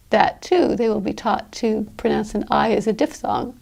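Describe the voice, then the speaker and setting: A woman teaching pronunciation in an online lesson, explaining things deliberately with the occasional filler. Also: a little high, fairly even intonation, gravelly, darkish tone.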